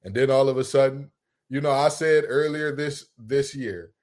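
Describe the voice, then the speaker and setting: Man, casual sports podcast chat, jokey trash talk, mid-pitched voice. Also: moderate pace. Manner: animated, jokey, trash-talking. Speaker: podcast co-host.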